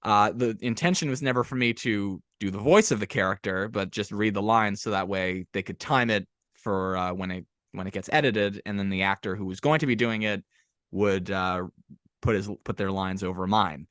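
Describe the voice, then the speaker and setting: A man's voice: fairly low pitch, normal speed, fairly bright tone, no echo. Chatty male podcast host, dry sound. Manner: chatty, storytelling with jokes. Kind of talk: casual interview chat.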